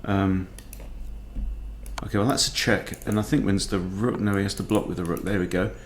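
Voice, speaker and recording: A man, a chess coach thinking aloud in a relaxed, understated way as he plays a fast game. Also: sits low, a little hiss or hum. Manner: muttering, understated, self-talking. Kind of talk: thinking aloud while playing blitz chess.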